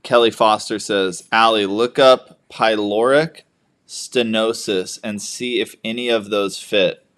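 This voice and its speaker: A young man chats loosely through a home livestream in a fairly low voice, cracking jokes and reading out viewer comments as they come in. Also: steady tone, slow pace, a bit bright. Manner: jokey, reads viewer comments aloud. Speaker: livestream co-host, new father. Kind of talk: casual livestream chat.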